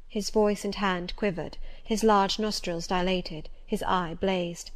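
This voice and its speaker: A woman narrating a classic novel as an audiobook in the first person, measured and composed. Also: medium pitch, steady tone. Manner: measured and composed, with a mid-range voice.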